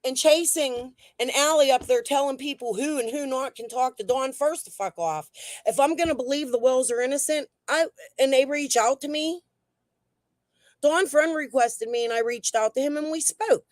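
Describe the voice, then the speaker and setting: A woman's voice: sits high, normal speed, no room sound. A woman hosting a casual true crime livestream and reading the chat, talking in a blunt, heated way that is full of swearing.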